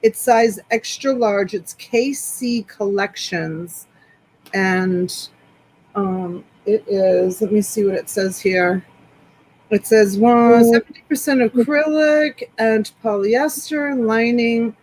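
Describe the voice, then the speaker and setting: This live-stream seller has a fairly high, darkish voice and talks slowly, gushing about each garment in long, enthusiastic descriptions. She uses a desktop USB microphone, and the recording is rough.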